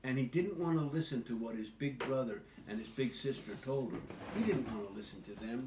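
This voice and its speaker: Older grandfather telling a story, far from the mic. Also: mid-range voice. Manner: gentle, patient, slow storytelling. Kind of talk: bedtime storytelling. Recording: echoey, distant, noisy home recording.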